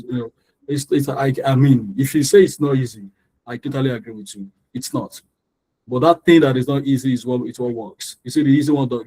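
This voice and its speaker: An English tutor with a mellow, medium-pitched male voice, captured on a rough recording, runs a pronunciation lesson. He drills word stress, repeats words again and again, and slips in bits of life advice.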